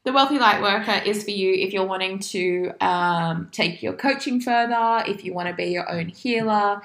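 A woman's voice: medium pitch, moderate pace, fairly bright tone. A bubbly woman co-hosting a casual coaching podcast. She swears freely and strings her thoughts together with "like." Her voice rings in an echoey room. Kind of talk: casual chat.

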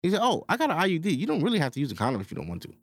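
Young guy on a podcast mic, lively up and down voice, dry close sound, crude storytelling. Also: rapid-fire, dry recording. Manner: crude storytelling, acting out quotes in a high voice. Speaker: podcast host. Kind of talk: casual podcast chat.

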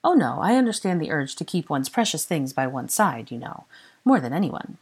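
Sly, prying French aristocrat with a lively, swooping delivery, put on by a woman audiobook reader. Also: low voice, fairly quick, slightly rough, full character voice. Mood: suave, inquisitive. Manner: polite and probing. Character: sly, courteous older French marquis, curious and prying.

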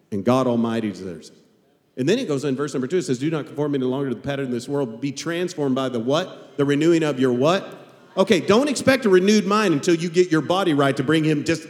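A middle-aged pastor with a fairly high voice preaches to a congregation, joking and animated, and rises at times to shouts. His voice rings through a large hall with a long reverb. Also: a little fast. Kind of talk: sermon. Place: large church hall before a live audience.

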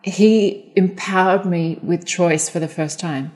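A woman's voice: lowish voice, fairly even intonation, takes it slowly, few pauses, darkish tone. A woman talking as a podcast guest, telling candid personal stories and swearing freely. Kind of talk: casual podcast conversation.

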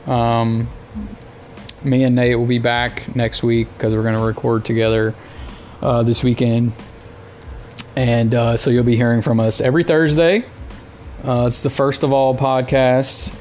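A man's voice: mid-range voice, flat delivery, unhurried, pauses often, darkish tone, soft background music. A man from the United States hosting a casual solo podcast, telling rambling, exasperated stories with plenty of filler words. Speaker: podcast host.

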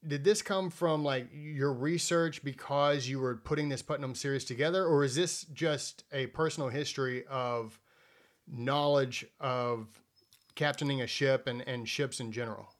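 A man's voice: medium pitch, moderate pace. Casual male podcast host asking questions. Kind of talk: interview questions.

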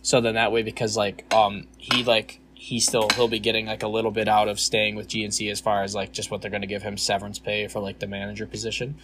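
A man's voice: on the low side, completely flat delivery, quick pace, few pauses, noisy background. A young man co-hosting a podcast, venting in a rambling casual chat full of fillers and frequent swearing. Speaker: podcast co-host.

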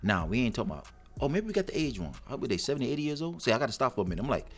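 A man's voice: medium pitch, very animated, very fast. A man co-hosting a talk show, speaking casually and emphatically, with slang and a stream of rhetorical questions. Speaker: advice show co-host. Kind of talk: casual on-air chat.

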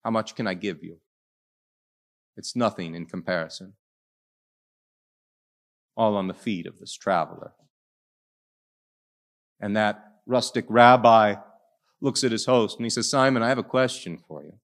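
A male Catholic priest giving a sermon, telling a story dramatically and swinging between hushed lines and loud ones. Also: fairly low pitch, steady tone, unhurried, pauses often.

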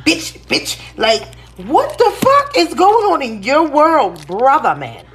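A woman in a comedy sketch, gossiping loudly in a brash, profane way. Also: sits high, wildly swooping pitch, slow pace, exaggerated voice.

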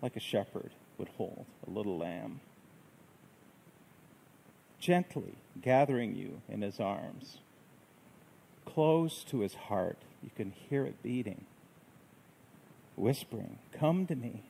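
A man preaching a sermon in a gentle, reflective way, with unhurried phrasing. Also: fairly low pitch, lively intonation, creaky, slight background noise, poor audio. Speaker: pastor.

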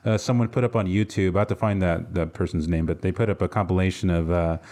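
A man's voice: sits low, fairly even intonation, quick pace, dark tone. A man co-hosting a podcast, talking casually and hesitantly with many fillers. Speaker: podcast co-host. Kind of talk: casual chat.

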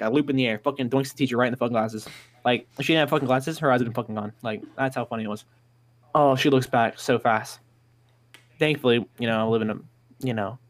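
A man in casual conversation tells crude school prank stories. He swears nearly every line and jumps up in excitement when he hits the punchlines. His voice sits at an ordinary middle pitch. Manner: profane, rowdy, excitable anecdotes. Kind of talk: casual storytelling chat.

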